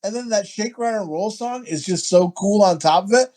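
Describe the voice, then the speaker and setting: A man's voice: sits high, brisk, darkish tone. Middle-aged guy, co-host, rowdy and foul-mouthed, big over-the-top impressions. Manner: rowdy, profane, laughs a lot, mimics movie lines over the top. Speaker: podcast co-host. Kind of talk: casual crude chat.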